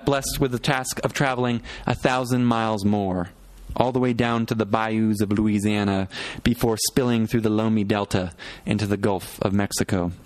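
A man narrating a literary novel in the first person, measured and reflective, pausing between short phrases. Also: medium pitch. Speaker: audiobook narrator.

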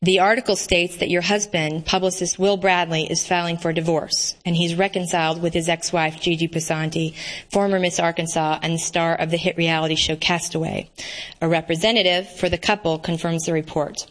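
A man's voice: fairly high pitch, level tone, brisk, a bit bright, pitched below the performer's own voice, close to an everyday voice. A woman reading aloud voices a male morning-show interviewer who asks a pointed question. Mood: probing.

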